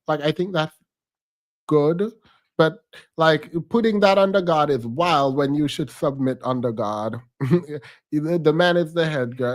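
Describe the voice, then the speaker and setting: A man's voice: on the high side, unhurried, long pauses. A man giving casual, sassy reaction commentary on a clip. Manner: sassy, chatty, calls the speaker "girl".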